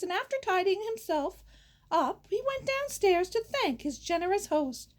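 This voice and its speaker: A woman's voice: very high-pitched, sing-song, moderate pace. A woman reading a fairy tale aloud in a playful way, breaking off for goofy asides and sound effects. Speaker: storyteller. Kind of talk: storytelling read-aloud.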